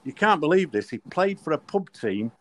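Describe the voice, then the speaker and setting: A man's voice: a little high, moderate pace. An older man, a former referee, tells anecdotes on a podcast and acts out the dialogue. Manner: animated storyteller who acts out quoted dialogue. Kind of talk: podcast interview, anecdotal storytelling.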